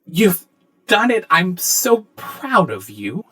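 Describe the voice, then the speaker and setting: A man voicing a scheming female AI with a polite, quietly menacing manner. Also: high-pitched, wildly swooping pitch, takes it slowly, breathy edge, pitched above the performer's own voice, exaggerated voice. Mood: proud. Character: scheming female AI, smug and falsely sweet.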